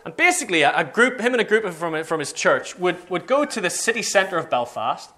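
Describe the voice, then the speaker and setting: A man preaches a story-driven sermon, and his fairly high voice swings widely in pitch. He talks with animation and acts out the voices of the people he describes. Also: very animated, fairly quick, pushed and bright.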